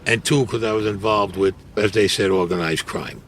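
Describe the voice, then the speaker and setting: A man's voice: lowish voice, normal speed, music in the background. A man in his seventies with a Brooklyn accent, bluntly and profanely telling his own story and acting out the voices of others. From Brooklyn, New York. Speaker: interviewee recounting his life. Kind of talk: recorded interview storytelling.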